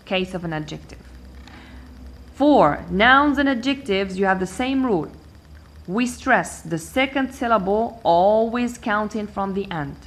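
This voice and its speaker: A woman's voice: medium pitch, fairly bright tone. Patient woman teaching. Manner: patient and repetitive, switching between English, Arabic and French. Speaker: English teacher. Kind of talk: language lesson explaining word stress.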